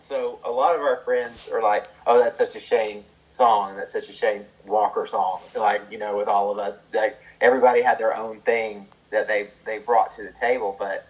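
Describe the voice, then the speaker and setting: A man's voice: lowish voice, normal speed, few pauses, poor audio. Chatty male songwriter telling a story. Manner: animated, chatty, frequent fillers and laughs. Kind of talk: casual storytelling.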